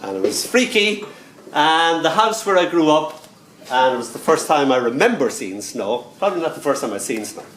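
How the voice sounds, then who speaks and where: An older Irish man performing stories and poems live, animated and quick to slip into other voices with sudden leaps in pitch. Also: slight background noise. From Ireland. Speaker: poet and storyteller. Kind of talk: live storytelling and poetry performance. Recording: roomy sound from a distant mic, faint ambience.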